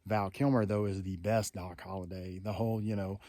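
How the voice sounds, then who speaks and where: A middle-aged man with a relaxed drawl talks in a friendly, meandering way to a handheld phone camera. He speaks from a trail out in the open air, and his voice sits a touch low. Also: brisk, no echo. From Texas. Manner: friendly, rambling, folksy. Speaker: vlogger. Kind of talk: casual vlog to camera. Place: outdoors on a canyon hiking trail.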